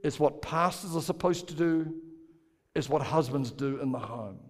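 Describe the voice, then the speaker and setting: Male pastor, sermon delivery, playful with the crowd, slightly higher voice, long hall reverb. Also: moderate pace. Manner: playful, jokes with congregation, asks them to repeat words.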